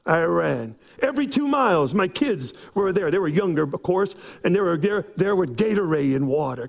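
High-voiced pastor telling a story. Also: male voice, lively intonation, moderate pace, gravelly, hardly any pauses. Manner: storytelling, acts out quoted voices, rising to shouts. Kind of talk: sermon. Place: church.

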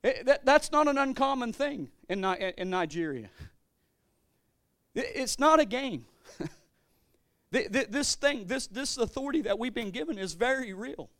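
Male pastor, high voice, excitable sermon delivery with stammering restarts, dry close sound. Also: unhurried, long pauses, dry recording. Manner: animated, swings between loud declarations and quiet storytelling, stammering restarts.

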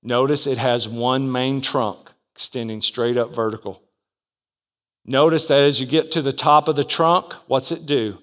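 A man's voice: medium pitch, a bit bright. A man preaching a sermon as pastor, dynamic, acting out the voices in his story and calling out for amens.

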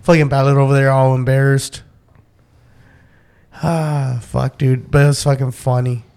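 A man's voice: mid-range voice, level tone, moderate pace, gravelly, darkish tone, smooth. A man hosting a podcast, telling stories full of swearing and laughing as he goes. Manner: profane storytelling, laughs a lot, acts out voices. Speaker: podcast host. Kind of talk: casual podcast chat.

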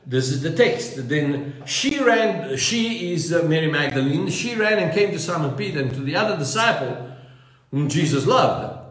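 A man preaching a sermon in a fervent, restless way, often repeating words and restarting his phrases. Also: on the high side. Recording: very echoey room.

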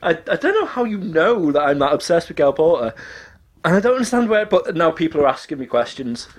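A man co-hosting a podcast, chatting in a rambling, animated and sweary way. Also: a little high, fairly quick, a little hiss or hum. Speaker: podcast co-host. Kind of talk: casual chat.

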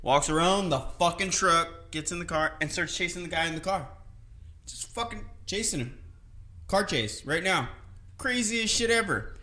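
A man hosts a podcast in loose, rambling chat, swearing in nearly every sentence. His voice is fairly high and very bright and forceful, with a cutting edge. He talks loudly and runs from one thought to the next. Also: moderate pace. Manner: profane, rambling and loud. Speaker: podcast host. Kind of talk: casual chat.

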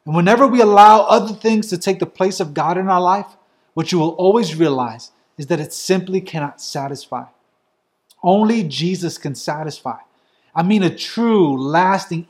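A man with a high voice preaches a sermon with earnest conviction. He builds his points through emphatic runs of short phrases, pressing each one home. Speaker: pastor.

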